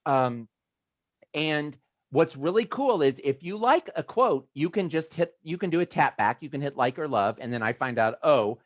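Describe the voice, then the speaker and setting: A man from the United States hosting a video call, talking casually in a rambling way with animated asides. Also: on the high side, normal speed, no room sound. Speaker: host of a motivational video call. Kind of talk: casual chatty talk.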